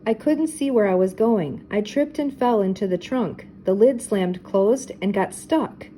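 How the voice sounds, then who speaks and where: A woman voicing a flustered male butler who explains himself slowly and apologetically. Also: mid-range voice, dark tone, slight background noise, lightly acted.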